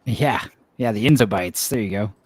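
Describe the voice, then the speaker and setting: A podcast host chats loosely while hosting a casual game night stream, rambling and laughing often. His voice is husky and on the low side, at a moderate pace, on a dry recording.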